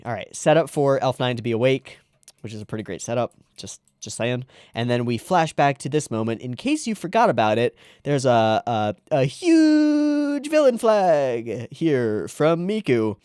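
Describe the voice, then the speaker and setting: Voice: medium pitch, very animated, normal speed, a little mellow, clean tone, no echo, studio quality. An anime reaction host giving casual, rambling, sarcastic commentary on episodes.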